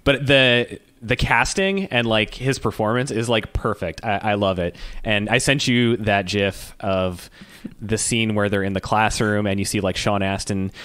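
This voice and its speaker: A man's voice: on the low side, unhurried, fairly bright tone, clean tone. A young man co-hosting a movie podcast, rambling casually with lots of "like" and restarts. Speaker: podcast co-host. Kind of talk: casual movie review chat.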